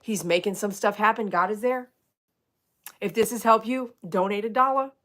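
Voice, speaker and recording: A woman's voice: medium pitch, normal speed, a bit bright. A woman in her forties talking casually on a livestream, giving earnest, emphatic advice in short repeated commands. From Texas, USA. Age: 40s. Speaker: livestream host and dog groomer.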